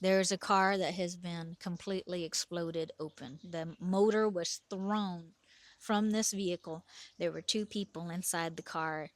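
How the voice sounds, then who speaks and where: A woman's voice: lowish voice, fairly even intonation, unhurried, no echo. A middle-aged woman telling a personal story in a vivid, earnest present-tense voice. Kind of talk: personal story told to camera.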